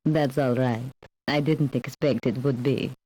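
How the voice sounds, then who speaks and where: A woman's voice: extremely low pitch, fairly even intonation, measured pace, warm tone, a little hiss or hum, poor audio. A guarded Romanian woman. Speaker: game character. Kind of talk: 1990s adventure game voice acting.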